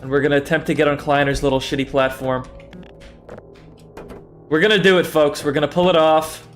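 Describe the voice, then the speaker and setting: Against soft background music, a young streamer with a voice on the high side talks briskly, his intonation fairly even. He chats casually through a game on a livestream, teasing himself, swearing freely and laughing often.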